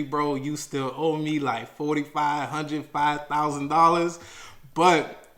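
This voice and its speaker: A young man from Maryland tells his own story in loose, slangy speech. He acts out his past arguments, jumping up in pitch and loudness when he gets worked up. At the heavy parts he drops low and quiet. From Maryland, USA. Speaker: storyteller sharing a personal finance story. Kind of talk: casual storytelling.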